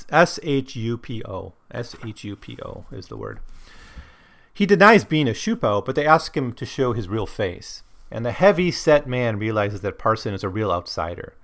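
Male book-discussion host, lively pitch, discursive and explanatory. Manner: discursive and explanatory, thinking aloud. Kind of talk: lecture-style book discussion.

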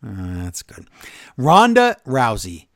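A man co-hosting a wrestling podcast, talking in a casual, exasperated, animated way with quick asides. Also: mid-range voice, vocal fry, no echo, clean studio sound. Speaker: podcast co-host.

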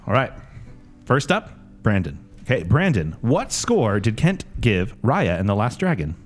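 A man hosting a casual podcast quiz game, relaxed and laughing, with many fillers. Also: lowish voice, a little slow, soft background music. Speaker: game show host.

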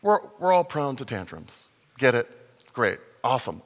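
A man preaching a conversational sermon as a pastor, animated and sometimes acting out the voices in the story. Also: medium pitch, moderate pace, big-room sound. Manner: conversational, animated, acts out voices in his retelling.

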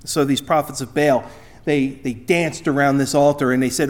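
A pastor preaching a sermon, emphatic, his voice swinging between loud and quiet. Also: medium pitch, brisk.

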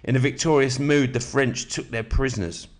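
A man with a slightly sore throat, hosting a podcast in a relaxed, matey way and reading aloud from a book at an even, measured pace. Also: mid-range voice. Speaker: podcast host.

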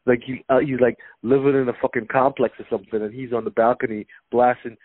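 A man's voice: medium pitch, fairly even intonation, fast talker, dry recording. Brief: storytelling comic co-host, man, cursing, stumbling restarts, dry tinny phone sound. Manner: storytelling, profane, stammering restarts. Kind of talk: casual comedic chat.

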